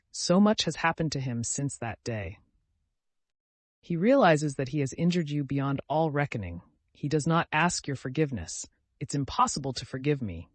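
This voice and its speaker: A man's voice: medium pitch, no echo. A man reading as an earnest, insistent young man. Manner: emphatic, urging. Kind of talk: audiobook character reading.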